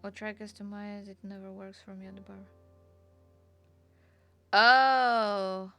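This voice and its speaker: A woman streaming a game, chatting casually, excitable, swearing, and answering chat. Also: medium pitch, takes it slowly, faint music behind.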